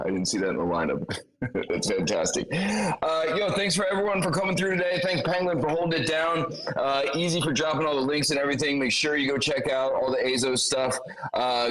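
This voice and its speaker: A man's voice: medium pitch, a bit bright, poor audio. A man hosting a casual livestream meetup, laid-back and slangy, thanking guests and rambling with many fillers. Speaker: host.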